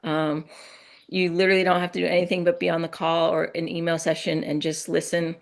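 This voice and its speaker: Gentle reassuring woman on a call. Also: lowish voice, level tone, brisk, creaky. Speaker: guest energy healer. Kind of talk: casual explanation on a live call.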